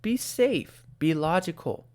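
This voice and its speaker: A man's voice: a little high, slow pace. Sarcastic man ranting into a close mic. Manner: animated, sarcastic, emphatic. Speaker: host. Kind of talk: opinionated commentary. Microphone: close microphone.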